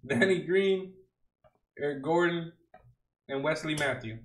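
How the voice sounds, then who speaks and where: A young man chats casually as he opens card packs, slangy and wisecracking, with a fake outrage at the players he pulls. He talks slowly and unhurriedly in a slightly high voice. The room around him is echoey. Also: expressive. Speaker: card unboxing streamer. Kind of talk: casual unboxing chat.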